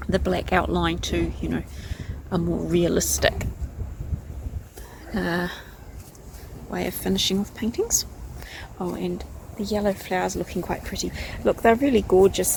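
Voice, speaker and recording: A woman chatting casually in a vlog as she wanders her garden, rambling on and sometimes cooing at her pets in a high sing-song voice. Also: creaky. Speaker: vlogger. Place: outdoors in a garden. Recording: outdoor noise with passing vehicles.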